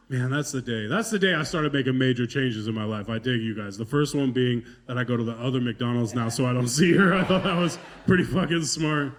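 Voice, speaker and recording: A man's voice: medium pitch, a little fast. A male stand-up comedian telling stories in a loose, profane, self-mocking way, laughing through his lines.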